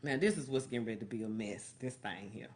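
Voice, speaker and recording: A woman's voice: rumbling low, animated, fast, darkish tone, slightly rough. A woman hosting a live stream show, gushing and effusive in casual chat.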